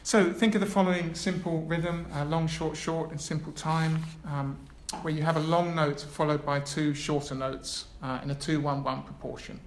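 In an echoey lecture room with faint background noise, a male academic delivers a lecture, reading from a prepared text and adding hesitant asides. His voice is on the high side and steady in tone, moving at a normal speed with hardly any pauses.

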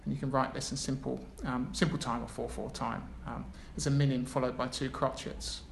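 This academic lecturer has a mid-range, creaky voice with little pitch movement, and he speaks a little fast. He reads a prepared text in a lecture room, breaking off now and then for hesitant asides. The recording is echoey, with faint noise in the background.

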